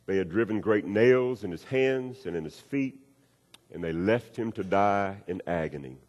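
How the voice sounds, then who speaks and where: A man preaching a sermon, acting out a story with swings between loud and hushed delivery. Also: lively intonation, moderate pace. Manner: storytelling with acted-out voices, wide swings in pitch and loudness. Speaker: pastor. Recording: long reverb of a hall.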